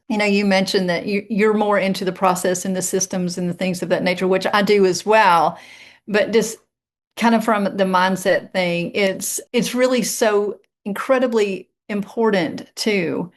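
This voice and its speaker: A woman from East Tennessee with a Southern accent, a guest coach chatting easily on a podcast. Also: medium pitch. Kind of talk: casual podcast interview.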